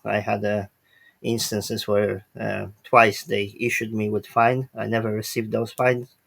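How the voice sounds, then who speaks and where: A man's voice: on the low side, vocal fry, fairly bright tone. A man whose first language is Polish, interviewing a guest in a hesitant way full of fillers. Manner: hesitant, many fillers, non-native phrasing. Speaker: interviewer, independent journalist. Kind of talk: interview questions and chat.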